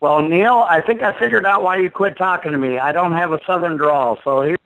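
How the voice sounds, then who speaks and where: A man's voice: on the high side, brisk, a bit bright, no echo, low-quality recording. A man calling in to a talk show, chummy and joking with the host. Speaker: caller. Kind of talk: casual phone call.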